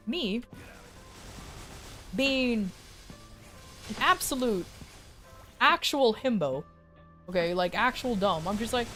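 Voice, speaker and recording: A woman streaming as a VTuber, telling a rambling, self-mocking story to her chat and jumping her pitch high when she quotes people. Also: expressive, slow, long pauses, fairly bright tone. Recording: faint music behind.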